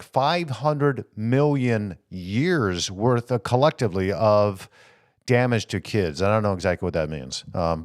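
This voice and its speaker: A man with a fairly low voice hosts a political talk show. He talks in an animated way, throws out rhetorical questions and reads viewer comments aloud before answering them. The sound is dry, with no room echo. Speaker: host.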